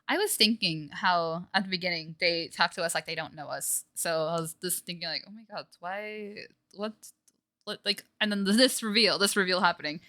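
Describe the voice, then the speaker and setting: Bright, chatty woman streamer. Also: fairly low pitch, moderate pace, dry recording. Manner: chatty, excitable, thinking aloud. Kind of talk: casual game commentary.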